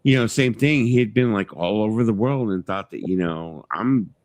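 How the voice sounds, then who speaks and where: A man's voice: on the low side, normal speed, darkish tone, no room sound. A man hosting a casual livestream chat, rambling and filling his talk with "like" and "you know.". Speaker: livestream host. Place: home music stream.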